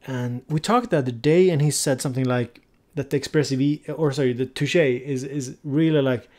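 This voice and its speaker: A man's voice: mid-range voice, moderate pace, darkish tone. A male livestream host chats easily with his viewers and answers their comments as he goes. He thinks aloud and now and then stops to search for the right English word.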